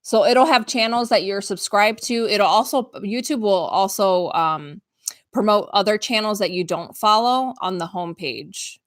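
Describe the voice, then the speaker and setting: A woman's voice: medium pitch, normal speed, dry recording, clean studio sound. A middle-aged woman co-hosting a casual livestream, easygoing as she reads out viewer questions. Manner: easygoing, laughs along. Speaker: co-host reading viewer questions. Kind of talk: casual live-stream chat.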